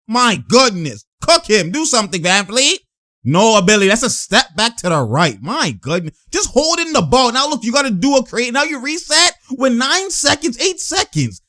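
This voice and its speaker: A man giving loud, laughing, slangy commentary as he reacts to game footage. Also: very high-pitched, sing-song, moderate pace, no room sound, clean studio sound. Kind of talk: excited live reaction commentary.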